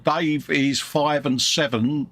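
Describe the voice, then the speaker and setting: A man's voice: a little high, steady tone, takes it slowly, a bit bright, dry recording. A man from the UK co-hosting a live stream, reading out chat messages in a chummy way and calling everyone mate. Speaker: co-host of a live model-building stream.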